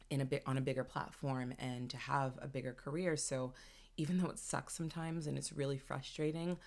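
Deep-voiced female co-host, earnest and reflective. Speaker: podcast co-host. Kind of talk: casual chat.

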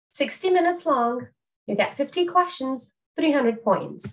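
A woman's voice: high voice, expressive, measured pace, rough recording. A young woman French teacher explaining an exam to learners in a chatty way, with frequent fillers and restarts.

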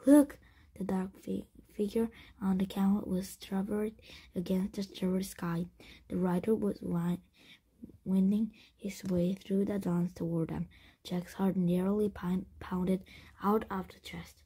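A woman reading a children's chapter book aloud, breathy and often whispered, with frequent slips and restarts. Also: medium pitch, little pitch movement, unhurried, mellow. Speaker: story reader.

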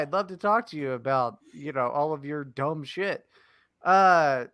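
A man's voice: on the high side, unhurried, fairly bright tone, dry recording, studio quality. A man co-hosting a podcast in casual chat, teasing and swearing in jokey banter. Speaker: podcast co-host.

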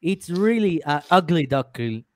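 A man's voice: on the high side, animated, unhurried. A man hosting a stream, chatting casually and a little bluntly with friends in a voice chat. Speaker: stream host.

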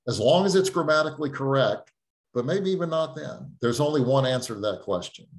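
A man's voice: medium pitch, expressive, a little fast. A middle-aged man teaching a writing class online in a conversational way, thinking aloud with fillers and restarts. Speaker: writing instructor. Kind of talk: online lecture.

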